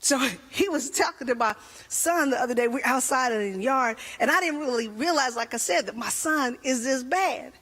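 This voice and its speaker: High-voiced woman doing stand-up. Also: normal speed. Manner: animated storytelling with voices. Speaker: stand-up comedian. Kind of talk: stand-up comedy routine.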